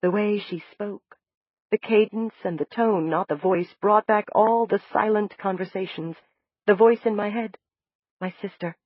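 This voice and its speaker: A woman's voice: medium pitch, steady tone, no room sound. Woman reading a novel in first person. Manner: measured, descriptive. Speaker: audiobook narrator. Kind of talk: first-person scripted narration. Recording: dull, dry lo-fi audiobook recording.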